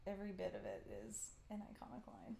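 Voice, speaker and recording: A woman's voice: mid-range voice, big pitch swings, vocal fry, mellow, slight background noise. A woman co-hosting a podcast in casual chat, enthusiastic and giggling as she talks. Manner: giggly, enthusiastic, drawn-out delivery. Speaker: podcast co-host.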